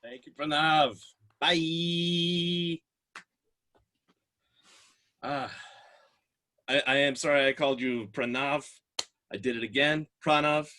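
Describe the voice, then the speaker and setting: A man's voice: fairly high pitch, slow pace, long pauses, pushed and bright, a little hiss or hum. A man hosting a comedy fundraiser over a video call, with easygoing, joking banter. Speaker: comedy show host. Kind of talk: casual emcee banter.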